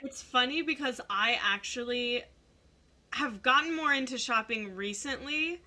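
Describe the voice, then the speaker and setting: A young woman hosting a podcast, chatting casually and telling animated stories. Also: high-pitched, a little slow. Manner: animated storyteller, mimics voices in anecdotes. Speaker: podcast host. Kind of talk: casual chat.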